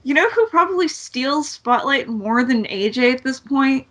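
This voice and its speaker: A woman's voice: high voice, lively intonation, moderate pace, a bit bright. A woman co-hosting a podcast, recapping wrestling in blunt, sarcastic casual chat and swearing freely. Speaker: podcast co-host.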